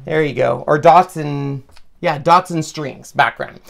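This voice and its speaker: A man's voice: a little high, steady tone, a little slow, creaky. A man hosting a live craft tutorial, chatting step by step and thinking aloud as he lays out a card. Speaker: craft host demonstrating card making.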